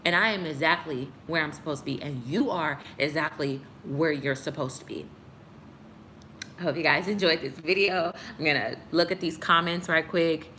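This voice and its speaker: A woman's voice: deep voice, moderate pace, pushed and bright, a little hiss or hum. A young woman vlogger chatting earnestly with her viewers at home, answering comments with a preachy edge. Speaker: YouTube vlogger. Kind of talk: casual chat answering comments. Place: apartment at home.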